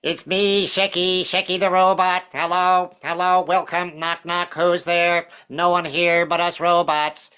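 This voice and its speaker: A man's voice: high voice, level tone, a little slow, few pauses, bright, forceful tone, smooth, pitched above the performer's own voice. Man doing a smug robot comedian. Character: smug male robot comic, mocking humans.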